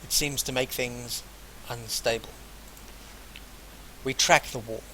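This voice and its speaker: A man recording a game playthrough at a mid-range pitch. He reads long passages of game text aloud in full, then mutters short, casual asides between them. A faint hiss runs under his voice. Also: steady tone, slow, sharp tone, low-quality recording. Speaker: let's player. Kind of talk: gameplay commentary and reading game text aloud.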